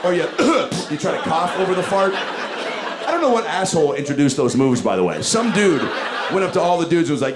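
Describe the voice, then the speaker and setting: Brief: lively, rapid-fire male comic in his forties, profane, loud crowd laughter. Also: on the high side, very noisy. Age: 40s. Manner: rapid-fire, profane, swings between mumbled asides and loud bursts. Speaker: stand-up comedian. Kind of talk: stand-up comedy set. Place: comedy club stage. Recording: loud audience laughter and room ambience.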